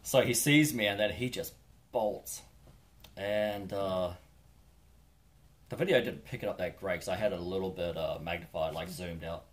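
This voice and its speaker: A New Zealand hiker vlogger with a low-sitting voice tells a laid-back, rambling, wry story from his long-distance hike. He speaks at a moderate pace and pauses often.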